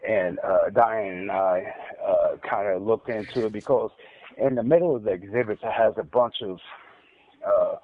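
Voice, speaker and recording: Over a tinny, dry phone line, a man with a lowish voice casually recounts being interrogated. He talks at normal speed, stuttering, repeating words and restarting sentences, with a little hiss or hum in the background.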